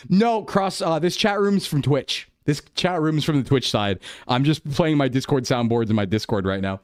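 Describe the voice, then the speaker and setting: A man's voice: fairly high pitch, normal speed, few pauses, dry recording, studio quality. A man streaming live, chatting casually and laughing as he defends himself in a flustered way. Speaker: VTuber streamer. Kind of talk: casual livestream chat. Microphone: desktop streaming mic.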